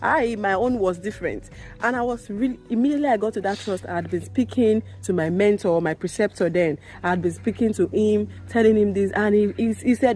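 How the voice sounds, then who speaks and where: A woman's voice: normal speed, dark tone, soft background music. A young woman, a midwife, talking candidly to camera in a vlog, emphatic and repeating her points. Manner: emphatic, repeats phrases, rises in pitch when indignant. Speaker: midwife vlogger.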